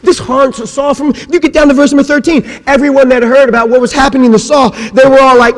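High-voiced preacher in a reverberant hall. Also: male voice, steady tone, fast, few pauses. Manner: dramatic swings between loud and hushed delivery; acts out quoted voices, humorous asides. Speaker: pastor. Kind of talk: sermon.

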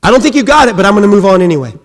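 A male preacher delivering a sermon, emphatic and repetitive, swinging between raised calls and hushed phrases. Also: high-pitched, big pitch swings, rapid-fire. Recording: echoey hall.

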